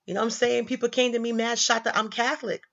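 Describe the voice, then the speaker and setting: A woman's voice: on the high side, little pitch movement, fast talker, gravelly, fairly bright tone. Emphatic woman preaching in slang. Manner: emphatic, repeats lines for effect, slangy. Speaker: commentator. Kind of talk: casual religious commentary. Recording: slightly dull lo-fi audio.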